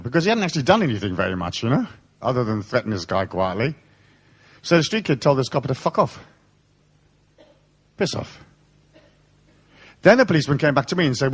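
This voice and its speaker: A man giving a live seminar, telling blunt, profane stories in a lively way. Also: a little high. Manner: animated storytelling, blunt and profane. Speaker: seminar speaker. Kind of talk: live seminar talk with anecdotes.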